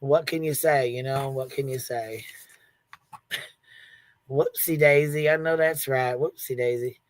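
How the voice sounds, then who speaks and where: A woman's voice: rumbling low, slow, no echo. A woman hosts a casual livestream, speaking close to the mic with a dry, dead sound. She is blunt and profane, laughs often, and acts out the lines of people she is talking about. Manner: retells events with lively quoted asides. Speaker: livestream host.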